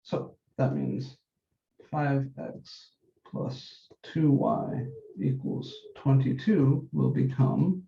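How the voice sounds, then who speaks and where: A man teaching a math class, working through each step methodically and repeating the key points, slowing down on the numbers as he writes. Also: medium pitch, creaky. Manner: methodical, repeats key steps, says numbers slowly while writing. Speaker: math instructor. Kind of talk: classroom lecture. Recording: dull echoey classroom recording.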